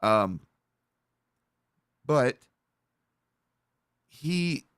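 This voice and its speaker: A man's voice: medium pitch, sing-song, extremely slow, fairly bright tone, clear, resonant tone, no room sound, clean studio sound. A man hosting a livestream, rambling in profane, casual commentary and talking over a video he is reacting to. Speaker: livestream host.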